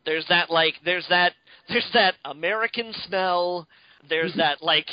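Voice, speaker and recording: A man from Canada, co-hosting a podcast in a rambling, profane, animated way. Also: high-pitched, a little slow, no echo. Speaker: podcast co-host. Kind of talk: casual podcast chat. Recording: dull lo-fi, dry.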